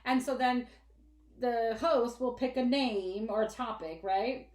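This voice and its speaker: A woman with a high voice chats casually as a podcast co-host. She tells stories with animation and acts out the people she quotes. The room around her is echoey. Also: takes it slowly, a little mellow. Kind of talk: casual chat. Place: warm indoor room. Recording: roomy echo.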